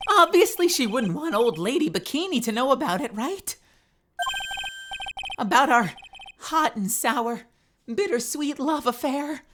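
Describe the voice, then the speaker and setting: A woman voicing a goofy, lovesick young man who is excitable and whiny, in a dramatic reading of a game. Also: high-pitched, unhurried, long pauses, noisy background.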